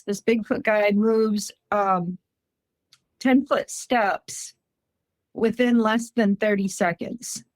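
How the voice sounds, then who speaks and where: Higher-pitched woman telling a story. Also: dry recording. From Minnesota, USA. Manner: earnest, animated, laughs often. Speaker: guest recounting a personal encounter. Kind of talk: casual storytelling.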